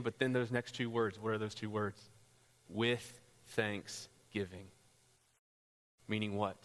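A man preaching a sermon as pastor, rising into loud, impassioned passages. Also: flat delivery, a little slow, pauses often. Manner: builds to loud, high-pitched pleading passages. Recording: long hall reverb.

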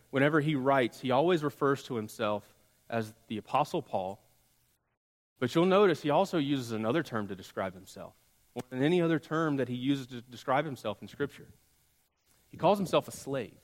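A man preaching a sermon as pastor, telling a story with dramatic pauses and soft drops. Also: medium pitch. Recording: long hall reverb.

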